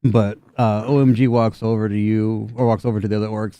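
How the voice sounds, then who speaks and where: A young man running a tabletop game, narrating loosely with frequent fillers. His voice sits somewhat low and the sound is dry and close. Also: flat delivery, a little fast, dark tone, clear, resonant tone, no echo. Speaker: game master.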